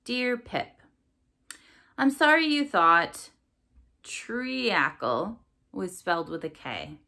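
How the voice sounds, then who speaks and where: A sulky young girl grudgingly writing apologies, as a woman reads her, her words dripping with sarcasm. The voice is bright and lively, a touch raised for the letters. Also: mid-range voice, slow, vocal fry, exaggerated voice. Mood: sarcastic. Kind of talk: storybook read-aloud.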